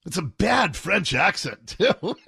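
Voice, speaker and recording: A man's voice: high voice, very animated, slow pace, gravelly, sharp tone, slightly rough, no room sound, studio quality. A man hosting a talk radio show, delivering an opinionated, mocking monologue and laughing often.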